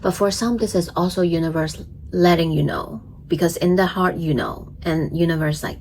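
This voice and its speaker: A woman giving a casual astrology forecast and tarot reading, gentle and chatty, with many fillers and frequent giggles. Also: on the low side, normal speed, slight background noise, low-quality recording. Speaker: astrologer and tarot reader, channel host.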